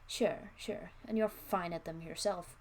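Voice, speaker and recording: A smooth-talking vampire robot with a posh, unhurried delivery and a lowish voice, put on by a woman reading aloud. He sounds charming and pleased with himself. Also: steady tone, a little mellow. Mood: suave. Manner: posh, slow and proud.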